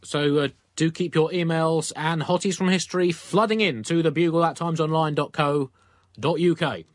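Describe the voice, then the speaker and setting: A man's voice: a little high, moderate pace, no room sound. An English man co-hosting a comic news podcast, reading absurd news items in a dry mock-newsreader manner. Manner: dry mock-newsreader delivery, deadpan jokes. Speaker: podcast co-host.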